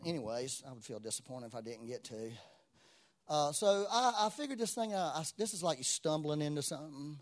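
A middle-aged man preaches a sermon. His voice sits a little high, and he tells his stories with animated swings between loud exclamations and hushed, quieter moments. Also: fairly quick.

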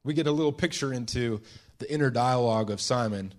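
A man preaching a sermon, retelling a scene with hushed and emphatic turns and many restarts. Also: medium pitch. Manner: storytelling, dramatizing a scene with voiced quotes; pauses and restarts, shifts between hushed and emphatic.

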